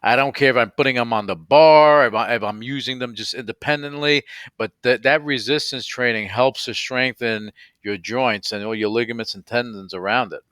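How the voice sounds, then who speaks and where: A male radio host chats with a guest in a bright, forceful voice. He agrees readily and repeats his points. The sound is dry and close, with no room around it. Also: medium pitch, moderate pace, clean tone, no echo. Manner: enthusiastic, agreeable, repeats himself. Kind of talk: casual interview chat.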